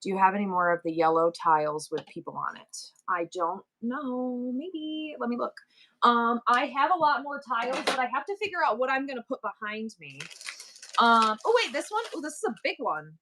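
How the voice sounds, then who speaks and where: A woman in her forties hosts a live-stream sale in a loose, chatty way. She breaks into rapid auctioneer-style counting, reeling off numbers in quick runs. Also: on the high side, animated, fairly bright tone. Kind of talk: casual live-stream chat.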